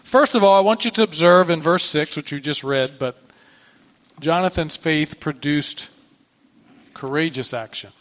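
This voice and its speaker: An unhurried pastor with a slightly high, fairly bright voice reads scripture in his sermon, then explains it in a conversational manner with asides and restarts. The recording is muffled.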